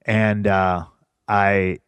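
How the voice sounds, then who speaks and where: Lowish-voiced middle-aged guy swearing his way through a story, dry close mic. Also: drawn-out words, clean tone, dry recording. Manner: profane, animated storytelling, jumps up in pitch for quoted rants. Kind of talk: casual storytelling.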